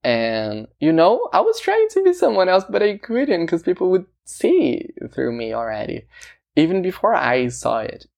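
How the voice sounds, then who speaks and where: A man, a singer, talking personally to the camera about his debut album. He speaks haltingly, searching for words and often asking "you know?". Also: high voice, wildly swooping pitch, creaky, a little mellow.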